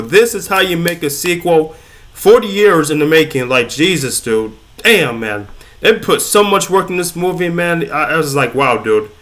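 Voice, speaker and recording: A young man with a slightly high-pitched voice hosts his own casual online news show. He is excitable and slangy, rambles freely, and trips over his words now and then. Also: moderate pace. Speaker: YouTube news host. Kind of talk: casual news commentary vlog.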